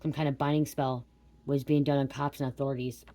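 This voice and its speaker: A woman's voice: very deep voice, flat delivery, fairly quick, warm tone. A woman giving a psychic reading to her viewers from home, talking in a repetitive, stream-of-consciousness way and calling out names as they come to her. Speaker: psychic card reader.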